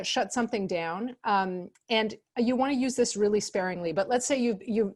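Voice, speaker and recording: A woman presenting as an expert in an online workshop, speaking calmly and conversationally with many fillers, acting out example phrases in changed tones. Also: medium pitch. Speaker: expert speaker on customer service.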